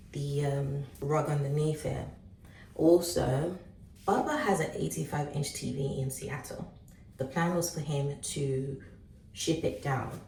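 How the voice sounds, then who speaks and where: Low-voiced woman venting to her phone camera. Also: creaky, warm tone, roomy sound, far from the mic, a little hiss or hum, rough recording. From Ghana. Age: late 20s. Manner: frustrated venting, chatty and candid. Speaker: vlogger. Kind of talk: casual vlog talk to camera.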